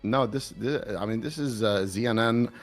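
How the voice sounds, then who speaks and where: A man's voice: medium pitch, moderate pace, soft background music. A man interviewing in a jokey, rambling mock-newsman manner. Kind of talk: comedic casual interview.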